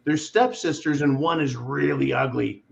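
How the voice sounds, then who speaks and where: A man hosting a casual livestream chat, joking loudly and swearing freely. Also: mid-range voice, normal speed, vocal fry, highs cut off. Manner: profane, joking, boisterous. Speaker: host.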